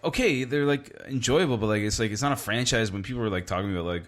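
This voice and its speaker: A man's voice: lowish voice, fast. A man co-hosting a podcast, chatting casually with a loose, filler-heavy way of talking. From Canada. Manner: relaxed, lots of "like" fillers. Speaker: podcast co-host. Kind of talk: casual chat.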